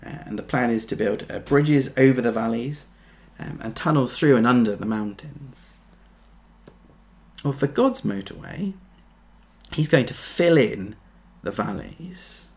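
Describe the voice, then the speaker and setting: Male preacher, gravelly voice, medium pitch, earnest sermon delivery. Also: animated, a little slow. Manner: earnest, builds to emphatic peaks then drops soft.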